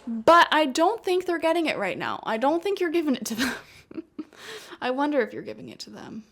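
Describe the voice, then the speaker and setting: A woman's voice: high voice, sing-song, moderate pace, fairly bright tone, a little hiss or hum. A woman giving a casual tarot reading to her viewers, chatty and laughing often, with lots of "like" and "you know". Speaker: tarot reader. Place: home room with a cat.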